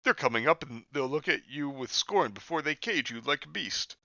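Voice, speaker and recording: A man's voice: mid-range voice, lively intonation, moderate pace, sharp tone, no room sound, muffled recording, voice pushed up. A man voicing a sinister white shadow demon that taunts its victim in a mocking singsong. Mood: sneering.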